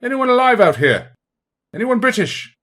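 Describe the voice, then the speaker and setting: A man playing a gruff, hearty British soldier who calls out from a distance. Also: extremely high pitch, very animated, normal speed, a bit bright, heavily acted. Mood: calling out. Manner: bellowing from a distance. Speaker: actor in a script reading.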